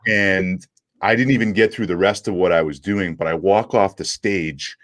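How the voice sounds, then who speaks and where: A middle-aged man with a French Canadian accent, a guest telling a story in an animated way. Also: low-pitched, moderate pace, no echo. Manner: animated storyteller who acts out quoted dialogue. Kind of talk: casual storytelling in an interview.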